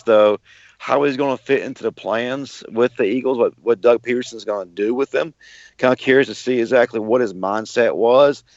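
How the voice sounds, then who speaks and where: A man co-hosting a sports podcast in casual talk, excitable and tripping over his words. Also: medium pitch, dry recording. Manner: excitable, stumbling restarts. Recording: muffled lo-fi dry sound.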